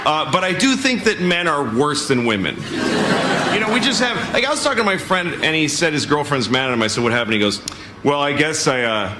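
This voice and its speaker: A male comic with a dry, wry observational delivery and a slightly high voice. The room is echoey and noisy. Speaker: stand-up comedian. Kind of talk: stand-up routine.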